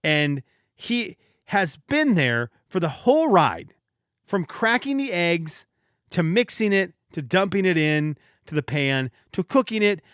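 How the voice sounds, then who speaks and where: Podcast guy in his 30s, kinda high voice that jumps all over, joking around, dry close sound. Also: a little slow, smooth, dry recording. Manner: animated, joking, often restarts sentences. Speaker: podcast host. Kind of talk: casual solo podcast storytelling.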